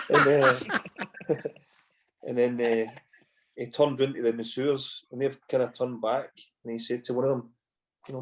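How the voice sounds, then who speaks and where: A Scottish man in his forties tells stories in a loose, conversational way. His speech wanders through asides and restarts. His pitch sits in an ordinary middle range. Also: lively intonation, moderate pace. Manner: rambling anecdotes with frequent "you know" and swearing. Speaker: podcast guest, former footballer. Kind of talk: casual storytelling chat.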